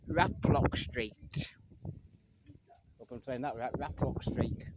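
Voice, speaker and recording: A joking man with a slightly raised voice chats to the camera on a walking vlog. He is from England and is filming outdoors, with a faint hum of the street behind him. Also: a little high. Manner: chatty, joking, talks to camera. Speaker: vlogger. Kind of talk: casual walking vlog narration.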